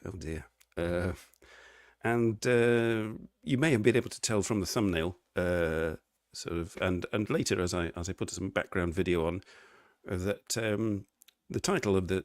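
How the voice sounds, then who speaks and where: A man's voice: on the low side, no echo, studio quality. A middle-aged man chatting casually on his live stream from his living room, greeting viewers and laughing often.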